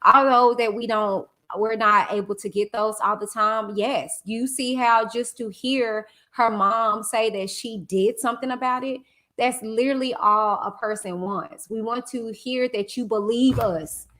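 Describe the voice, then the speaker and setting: A woman's voice: fairly high pitch, fairly even intonation, measured pace, fairly bright tone. A woman in her thirties, a talk show host, speaking reflectively and emotionally in a conversational way.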